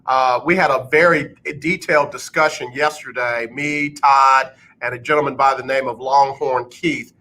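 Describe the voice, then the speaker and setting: Excitable man hosting a radio talk show. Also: medium pitch, normal speed. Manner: animated, emphatic, gets loud when excited. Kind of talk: casual radio chat.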